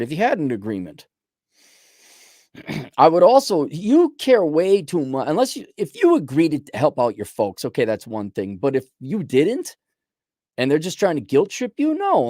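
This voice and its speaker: A man's voice: on the high side, a little mellow, no room sound, studio quality. A man hosting a casual rant show, answering a viewer's letter in a blunt, profane, rambling way with lots of restarts. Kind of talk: casual ranting commentary.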